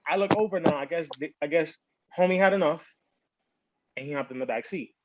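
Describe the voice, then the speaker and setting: A man's voice: a little high, brisk, no echo, lo-fi sound. A man on a podcast telling a story in casual slang, acting out what people said. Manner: animated, slangy storytelling with quoted voices. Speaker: podcast host.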